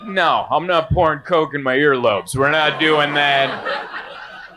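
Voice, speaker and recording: A man performing a stand-up comedy set, animated and swinging into high, exaggerated bits. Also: measured pace, noisy background.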